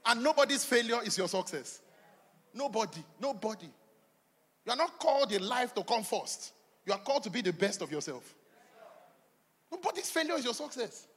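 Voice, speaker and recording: Man, pastor, high voice, breathy rasp, sermon, long hall reverb. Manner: animated preaching, swinging from shouts to low asides.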